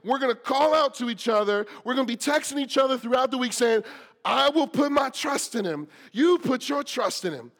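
High-voiced impassioned male preacher. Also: animated, gravelly. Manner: impassioned preaching, then hushed prayer; repeats lines with emphatic slowing. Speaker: pastor. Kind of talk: sermon with closing prayer.

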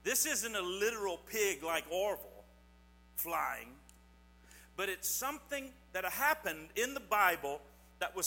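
A man's voice: sits high, sing-song, measured pace, bright, forceful tone. A man giving a children's sermon in a church, telling corny jokes and quizzing his audience in a playful, teasing way. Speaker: pastor giving a children's message. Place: church sanctuary. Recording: long church hall reverb, faint mains hum.

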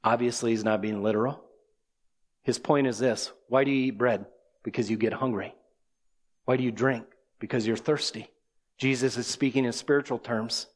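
A man's voice: mid-range voice, fairly even intonation, normal speed. A man preaching an expository sermon, explaining scripture and asking the listeners rhetorical questions.

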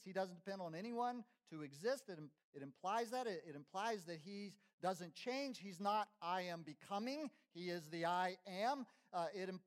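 A high-pitched man preaches from the pulpit with emphatic delivery. His voice rises forcefully on key phrases and drops to a hush between them. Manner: emphatic preaching, rising and dropping in volume. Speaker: pastor. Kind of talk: sermon.

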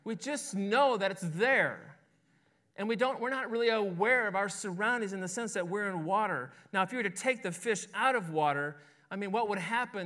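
A man with a high, pushed, bright voice preaches a sermon as pastor. His style is conversational: he keeps checking in with listeners, often asking "right?", and repeats words as he goes.

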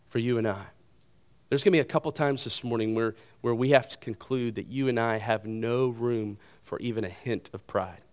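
A male pastor delivering a sermon in an earnest, emphatic way, repeating key phrases and pausing for weight. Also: medium pitch.

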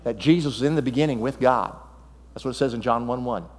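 A male pastor delivers a sermon with animated storytelling, rising loud and excited and then dropping to a hush. His voice sits mid-range and rings with the long reverb of a church hall. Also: mid-range voice, quick pace, noisy background. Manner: animated storytelling, swings between loud and hushed.

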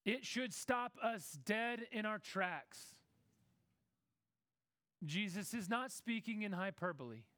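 High-voiced man preaching a sermon. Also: animated, sharp tone, no room sound. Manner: conversational preaching, acts out Bible characters in quick asides.

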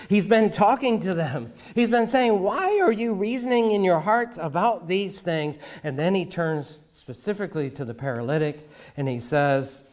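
Male preacher, middle-aged, higher register, dramatic pauses and hushed drops. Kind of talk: sermon.

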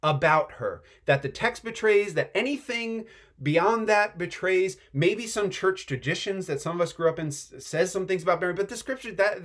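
Animated, chatty male preacher. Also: high voice, moderate pace. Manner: animated, chatty, excitable, uses filler "like". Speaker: pastor. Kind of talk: conversational sermon.

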